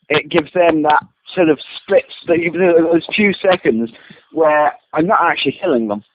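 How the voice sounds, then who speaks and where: A man's voice: on the high side, lively intonation, moderate pace. A man in a casual argument, defensive and stammering with many restarts. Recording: tinny phone-like line, faint hiss.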